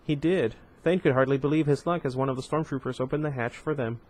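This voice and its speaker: A man's voice: medium pitch, fast, a little mellow. A man reading a novel aloud for his channel, with casual asides and occasional self-corrections. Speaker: book reader.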